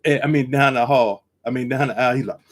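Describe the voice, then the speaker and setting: A man telling a story on a live stream, acting out each line and jumping from quiet to loud, seated at his desk camera. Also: fast talker. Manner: acts out every quote, jumps from low to loud. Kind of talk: animated storytelling.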